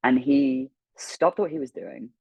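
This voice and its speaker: A man, a guest voice actor, telling a lively personal anecdote on an interview stream, swearing freely and acting out the dialogue. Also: medium pitch, unhurried, slightly rough, no echo, poor audio. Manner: animated, swears freely, acts out quoted dialogue. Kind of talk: storytelling anecdote.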